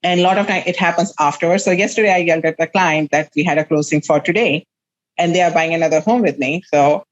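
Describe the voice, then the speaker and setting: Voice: medium pitch, quick pace, muffled recording. A real estate agent as a podcast guest, telling stories candidly and with animation. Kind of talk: conversational interview.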